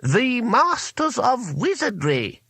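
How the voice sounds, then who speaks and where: A man voicing a pompous elderly male wizard who speaks slowly and haughtily. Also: high voice, very animated, pushed and bright, no echo, pitched above the performer's own voice, full character voice. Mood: haughty. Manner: haughty, drawn-out slow speech. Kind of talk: audiobook character voice.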